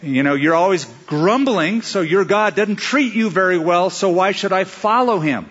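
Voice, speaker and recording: Pastor guy preaching, slightly high voice, kind of dull sound with a long hall echo. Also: moderate pace, fairly bright tone, slightly rough. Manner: conversational preaching with rhetorical questions and acted-out asides. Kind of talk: sermon.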